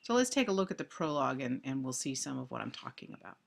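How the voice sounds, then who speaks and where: A man giving a recorded literature lecture, speaking deliberately and thoughtfully with frequent ums and restarts. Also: medium pitch, sing-song, gravelly.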